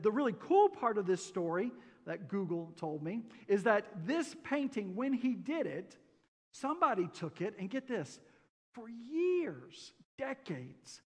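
A man's voice: sits high, fairly bright tone. A man preaching a sermon in a folksy, joking way and asking the congregation questions. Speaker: pastor. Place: church sanctuary. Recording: church hall reverb.

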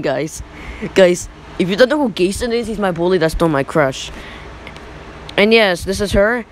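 A young male YouTuber in his teens giving rambling, excitable reaction commentary over old photos. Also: sits high, slight background noise, low-quality recording. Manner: rambling, excitable, repeats "look".

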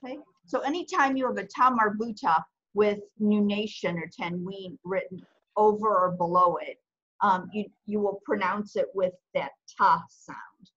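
A woman's voice: medium pitch, moderate pace, a bit bright. A woman teaching an online language lesson, explaining each step patiently. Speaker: Arabic teacher. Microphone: video call. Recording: muffled video call audio.

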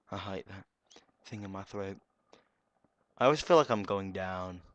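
A man's voice: lowish voice, slightly rough, dry recording. Goofy young man streaming a game. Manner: goofy, excitable, jokey. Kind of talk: live game playthrough commentary.

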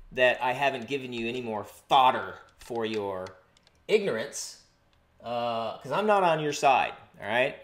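In an echoey room, a man with a high-sitting voice presents himself as an art teacher and gives a rambling, tongue-in-cheek lesson. He meanders, repeats words, and suddenly swoops up into a loud sing-song.

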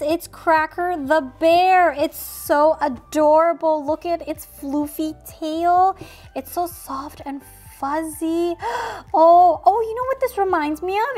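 A woman hosting a toy unboxing video, narrating in a silly, playful way and making sound effects. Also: extremely high pitch.

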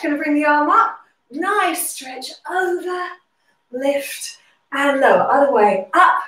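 A woman's voice: high voice, fairly bright tone. A woman leading a standing pilates workout, cueing moves and counting reps while slightly out of breath. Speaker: pilates instructor. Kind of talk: guided workout instruction. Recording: roomy, distant from the mic.

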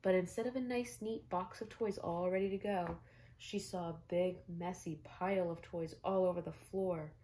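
A woman teacher reading a picture book aloud to children, expressive and stopping to ask her listeners questions. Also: fairly low pitch, moderate pace. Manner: expressive, asks listeners questions, gasps for effect.

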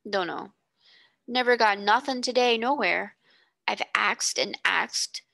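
A woman reading aloud, voicing a timid, starving street girl who talks hoarsely in rough street dialect. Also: mid-range voice, slow, bright, forceful tone, no echo, heavily acted. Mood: forlorn.

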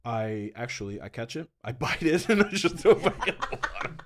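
A man's voice: medium pitch, brisk, noisy background. A man telling a rambling story as a podcast guest, swearing a lot and laughing mid-sentence. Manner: does animated voices when quoting people. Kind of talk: casual chat.

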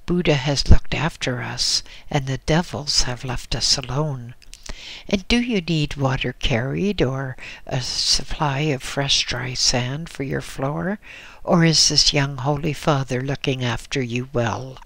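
A man voicing a huge, boisterous Tibetan trader who bellows and booms in a slow story reading. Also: creaky, a bit bright, dry recording. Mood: jovial. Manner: bellowing, booming.

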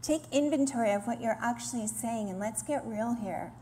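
A woman's voice: on the high side, moderate pace, a little hiss or hum. A woman giving a sermon to a women's gathering, earnest and teaching, sometimes acting out complaining voices. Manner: earnest, acts out quoted complaints in lively voices. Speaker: women's ministry speaker. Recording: roomy hall with faint ambience.

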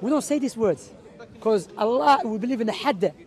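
High-voiced man arguing a point outdoors. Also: animated, moderate pace, darkish tone. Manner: emphatic, argumentative, mixing in religious Arabic phrases. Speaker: street preacher. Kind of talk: impromptu outdoor debate. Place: outdoors in a city park.

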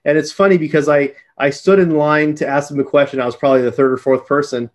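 A man's voice: fairly high pitch, steady tone, fast. A man hosting a casual podcast conversation, a chatty storyteller who laughs easily. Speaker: podcast host.

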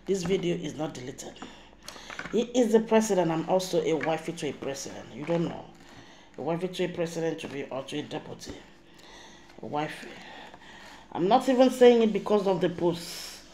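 Middle-aged nigerian woman, fairly low voice, emphatic scolding monologue, echoey room. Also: warm tone, a little hiss or hum. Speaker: vlogger. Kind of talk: casual spiritual monologue to camera.

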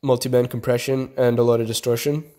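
A man's voice: mid-range voice, little pitch movement, fast, a little mellow. A young man walking through how he builds a beat, talking casually step by step with lots of "kinda" and "like". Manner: laid-back, explains step by step with fillers like "kinda" and "like". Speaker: beat producer teaching a tutorial. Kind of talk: casual tutorial voice-over. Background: beat playing faintly under the voice.

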